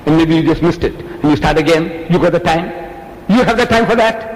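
A man's voice: on the high side, fairly quick. A man preaching an Islamic lecture, telling stories with acted quotes and firing off rhetorical questions. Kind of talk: public religious lecture. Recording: echoey hall, faint ambience.

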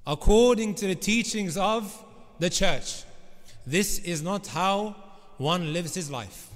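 A preacher voicing a prim older male politician with slow, measured, formal speech. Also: high voice, big-room sound.

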